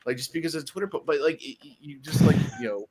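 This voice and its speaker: A man chatting casually on a streamer panel, animated and quick to act out what others say. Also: on the high side, a little hiss or hum. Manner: animated, acts out quotes in silly voices.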